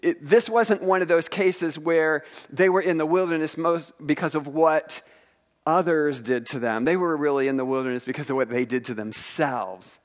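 A man preaching a sermon, retelling scripture stories in a lively way and asking his listeners questions. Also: fairly high pitch, moderate pace. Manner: animated storytelling preacher, asks the audience questions. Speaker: pastor.

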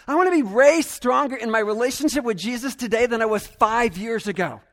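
A man's voice: very high voice, brisk, fairly bright tone. A young adult male pastor preaching a sermon earnestly and emphatically, repeating phrases for stress.

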